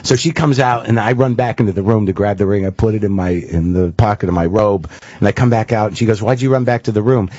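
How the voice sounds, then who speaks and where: A man's voice: fairly low pitch, fast, warm tone, dry recording. A middle-aged man spins a long, rambling story on a radio talk show, swearing freely and poking fun at himself. He is recorded with a close, dry studio mic, and the audio sounds slightly dull. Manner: rambling, profane, self-deprecating storytelling. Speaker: guest comedian. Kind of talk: casual radio chat, storytelling.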